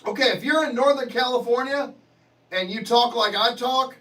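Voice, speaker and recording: A man's voice: very high voice, normal speed, bright, forceful tone, far from the mic, low-quality recording. A man hosting a livestream, chatting casually and answering viewer comments in a profane, joking way. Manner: profane, joking, laughs often. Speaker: livestream host.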